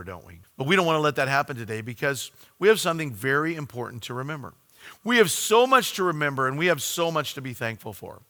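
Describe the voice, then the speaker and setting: Earnest preacher, a bit high-pitched, reverberant hall. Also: male voice, sharp tone. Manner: earnest storytelling, slows for emphasis. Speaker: pastor. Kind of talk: sermon.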